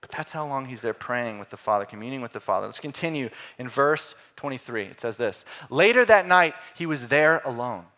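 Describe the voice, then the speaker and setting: A middle-aged man preaching a sermon, animated, swinging from loud exclamations to hushed, quiet phrases. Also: medium pitch, a little fast, few pauses. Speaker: pastor.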